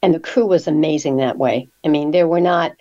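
A woman's voice: low voice, brisk, warm tone, highs cut off. A woman hosting an interview show, asking questions conversationally and adding her own stories. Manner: conversational, asks questions with personal anecdotes. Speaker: radio show host.

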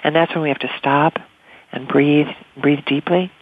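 A radio host and channeler giving slow, soothing spiritual counseling to a caller, speaking as a collective "we". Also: medium pitch, fairly even intonation, narrow, tinny audio. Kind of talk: guided spiritual counseling on a call-in show.

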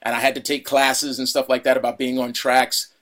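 A middle-aged man, an actor, telling a story in an interview with many restarts and fillers, now and then acting out a shouting director. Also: mid-range voice, flat delivery, brisk. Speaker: actor guest. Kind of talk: casual interview anecdote.

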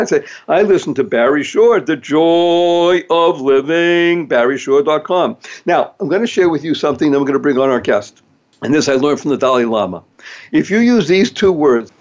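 Upbeat guy hosting a positivity show, kinda high voice, slightly dull lo-fi sound. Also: darkish tone. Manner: upbeat, emphatic, with wordplay. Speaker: host. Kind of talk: motivational talk show monologue.

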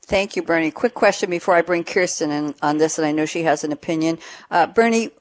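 A woman with a somewhat low voice hosts a radio talk show. She brings in her panelists and asks them questions in a brisk, engaged way. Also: slight background noise.

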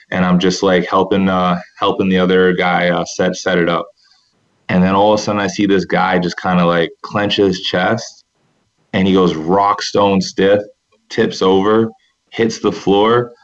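This man speaks in a very low, gravelly voice with a flat delivery. He tells the story casually and earnestly, circling back on his words often. The recording sounds dull and muffled. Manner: earnest, rambling with many restarts. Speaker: former overseas pro basketball player. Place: seated at a table indoors.

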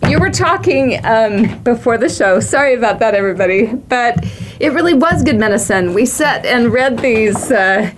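A woman's voice: on the high side, expressive, normal speed, background noise. A middle-aged woman hosting a talk show, chatting conversationally with her guest. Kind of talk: casual chat.

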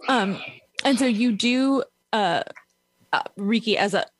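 A woman's voice: on the high side, expressive, slow, no room sound. Laughing New York woman hosting. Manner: warm, affirming, laughs often. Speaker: podcast host. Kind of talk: casual interview.

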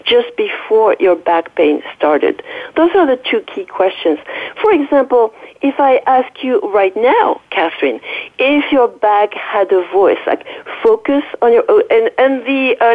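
A woman doctor with a French accent, explaining her ideas quickly and earnestly with frequent restarts as an interview guest. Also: mid-range voice. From France. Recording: tinny phone line.

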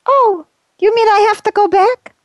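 A woman voicing the bewildered, mournful ghost of an old male priest martyr in a high wailing cry, in improvised radio comedy. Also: no room sound. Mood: plaintive. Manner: plaintive, confused, drawn-out complaints.

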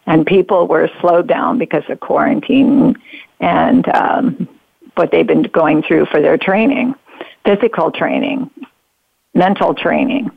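An older woman from the Pacific Northwest hosts an internet radio talk show. Her voice is gravelly and dry, and she talks in a halting, repetitive way with frequent laughs. The sound is muffled and lo-fi. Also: lowish voice, no room sound. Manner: halting, repeats herself, laughs often. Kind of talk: casual interview chat.

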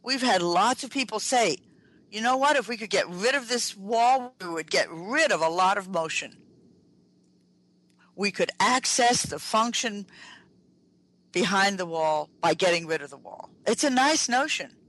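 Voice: mid-range voice, expressive, unhurried, fairly bright tone, no room sound, rough recording. A radio host giving an emphatic lecture-style talk as a workplace trainer, repeating key phrases and speaking straight to the listeners.

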